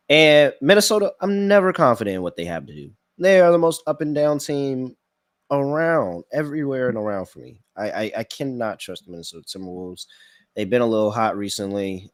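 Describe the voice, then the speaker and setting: A man's voice: on the low side, dry recording. A man hosting a sports betting podcast in casual live-stream chat, thinking aloud and reacting to viewers' comments.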